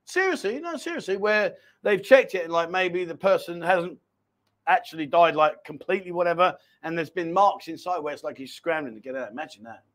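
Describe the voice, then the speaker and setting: A middle-aged man with a high-pitched voice hosts a casual livestream chat. He rambles from story to story, animated and full of asides, reading out viewer comments as he goes. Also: a little fast. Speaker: livestream host.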